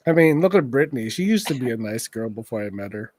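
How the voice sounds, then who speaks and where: A man's voice: medium pitch, expressive, fast, darkish tone, dry recording. A man co-hosting a casual podcast while drawing, teasing his friends and drifting into mumbled asides. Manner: joking, teasing, trails off into asides. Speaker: podcast co-host.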